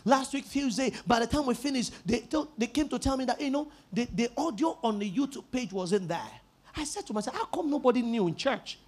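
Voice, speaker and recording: A man with a very high, husky voice preaches a sermon. He swings his pitch up and down as he drives points home, repeating key words and breaking into shouts. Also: animated, fairly quick. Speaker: pastor.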